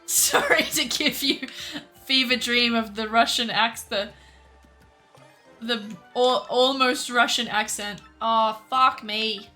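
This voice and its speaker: A woman's voice: fairly high pitch, slow pace, pushed and bright, soft background music. A woman streamer chatting casually while playing a video game, giggly, self-mocking and swearing freely. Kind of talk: casual gameplay commentary.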